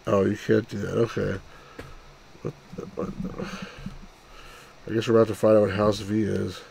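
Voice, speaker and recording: A man co-hosting a game playthrough, chatting casually and deadpan. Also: on the low side, normal speed, gravelly, a little hiss or hum, rough recording. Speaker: co-host. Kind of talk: casual chat over a game.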